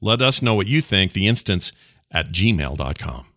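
A man co-hosting a gaming podcast in easy chat, with a low, bright, forceful voice. He jokes and quotes lines in put-on voices, recorded dry and close. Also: very animated, normal speed, no room sound. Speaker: podcast co-host. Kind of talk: casual chat.

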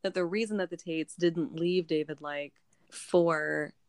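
A woman with a notably low-pitched voice talks through a novel's plot in loose, rambling chat, stacking "like" and "um" as she goes. Her speech is recorded close and dry, with no room sound around it. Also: measured pace, clean tone, no room sound. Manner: rambling, animated retelling with filler words. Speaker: book club podcast co-host. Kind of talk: casual chat recapping a novel.

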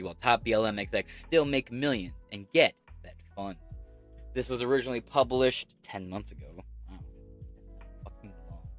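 Profane, ranting male commentator. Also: lowish voice. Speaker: political commentary host. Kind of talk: ranting commentary while reading an article.

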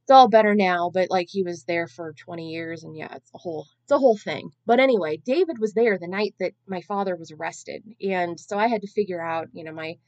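A woman's voice: fairly low pitch, fairly quick, hardly any pauses, darkish tone, no echo, highs cut off. A woman in her thirties hosting a podcast alone, telling a long-winded, self-deprecating story in a casual, chatty way. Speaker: podcast host.

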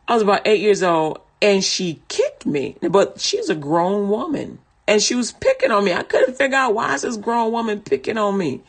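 A woman's voice: mid-range voice, big pitch swings, moderate pace, few pauses. Woman, casual storyteller, rambling, laughs between lines, talks like she's chatting with a friend. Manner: rambling, laughs often, restarts sentences; vernacular, conversational speech.

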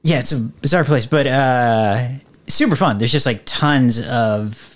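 A man's voice: medium pitch, a little slow. A man chatting casually as a podcast guest, from the American South, telling stories in a laid-back, rambling way full of fillers and laughs. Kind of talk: casual chat.

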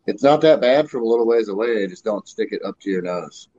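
A man's voice: fairly low pitch, lively intonation, a little fast, mellow. A man co-hosting a podcast, joking and groaning in casual chat over a video call. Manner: groaning, joking while eating hot chips. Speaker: podcast co-host. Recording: dull dry call audio.

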